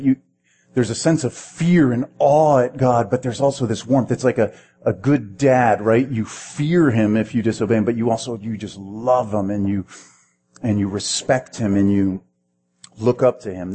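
Guy preaching, mid-pitched and mellow, talks like a chat, keeps asking the crowd questions. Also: breathy edge. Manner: conversational, asks the listeners questions, repeats words when restarting. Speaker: pastor. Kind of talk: sermon.

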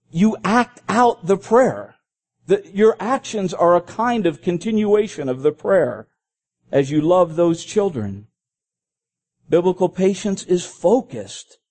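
A middle-aged man, a pastor, preaching an earnest sermon and slowing down when he quotes scripture. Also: on the high side, warm tone.

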